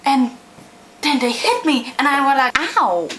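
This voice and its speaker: A woman's voice: high voice, lively intonation, measured pace, fairly bright tone, roomy sound, a little hiss or hum. A hyper, giggly woman chatting playfully in a silly casual vlog. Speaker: vlogger.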